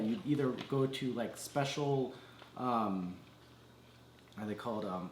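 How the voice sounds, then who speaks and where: A man chatting casually beside his partner over a meal, relaxed and rambling, with many hesitations. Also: mid-range voice, slow. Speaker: partner and co-host. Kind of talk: casual chat. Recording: echoey room with faint background noise.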